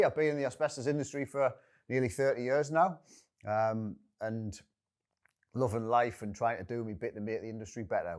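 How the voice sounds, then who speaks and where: A man's voice: medium pitch, moderate pace, smooth. A middle-aged man from North East England, a company director chatting in an interview, playful and self-deprecating. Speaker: guest, managing director. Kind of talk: casual interview chat.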